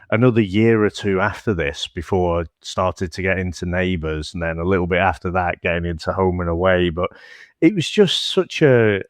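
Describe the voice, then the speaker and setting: Low-voiced reflective man. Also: dry recording, clean studio sound. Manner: reflective, measured, chuckling. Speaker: podcast co-host. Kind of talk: casual film review chat.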